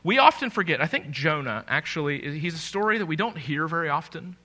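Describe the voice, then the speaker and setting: High-voiced, bright male preacher. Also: a little fast. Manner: animated, conversational preaching with emphatic rises. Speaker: pastor. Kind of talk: sermon.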